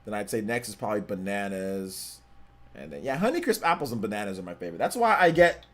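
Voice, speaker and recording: Chatty man streaming live, lowish voice. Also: big pitch swings, quick pace, a bit bright. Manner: chatty, repeats himself, slangy. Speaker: gaming livestream host. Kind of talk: casual live-stream chat, reading donations and chat.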